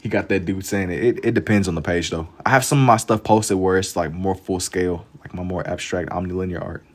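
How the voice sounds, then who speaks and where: A young man draws during a live stream, casually chatting with viewers in a laid-back, slang-heavy way and reading chat aloud. His voice is low with a steady tone, and he talks a little fast.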